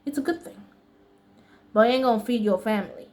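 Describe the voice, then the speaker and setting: A woman with a fairly high voice and an American accent tells a story to camera in a casual vlog. Her talk is chatty and slangy, often broken by laughs. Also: brisk, darkish tone. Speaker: vlogger.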